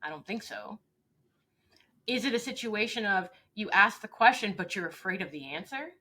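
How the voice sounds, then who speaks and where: A woman's voice: medium pitch, expressive, normal speed, bright, forceful tone. A woman leadership coach speaking earnestly and with emphasis in an interview, often acting out short exchanges. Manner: earnest, emphatic, acts out little dialogues. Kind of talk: interview conversation.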